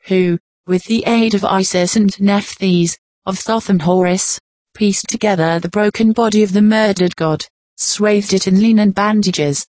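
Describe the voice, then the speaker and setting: Lady reading an old history book out loud, calm and formal, dead dry close sound. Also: mid-range voice, no room sound. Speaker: audiobook reader. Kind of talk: scripted narration of an old nonfiction text.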